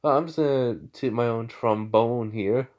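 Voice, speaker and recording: A man's voice: mid-range voice, normal speed, a little mellow, lightly acted. A man doing a brash, joking young hero. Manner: casual, joking. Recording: slightly muffled lo-fi audio.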